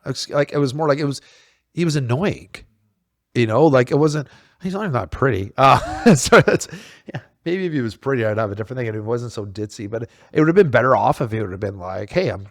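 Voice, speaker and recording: A man's voice: mid-range voice, lively intonation, a little fast, no echo, studio quality. A man in casual chat, blunt and swearing, with many restarts and repeated words. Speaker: podcast co-host.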